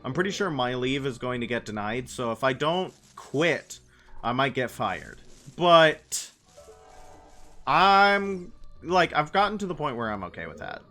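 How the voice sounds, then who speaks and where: Over faint background music, a young man with a medium-pitched, somewhat bright voice talks at a measured pace, his pitch swinging widely. He's chatting casually on a gaming stream, meandering and reading out replies to his chat.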